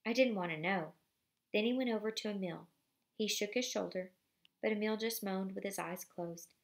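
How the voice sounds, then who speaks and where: A woman reading a novel aloud with commentary. She reads in a steady storybook manner, with casual asides. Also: medium pitch, normal speed, vocal fry.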